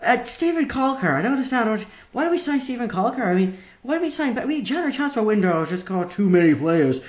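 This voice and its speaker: A man's voice: very high-pitched, sing-song, fast, reverberant, highs cut off. A man voicing an agitated male football fan calling in with a Northern Irish accent, stumbling over his words. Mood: baffled.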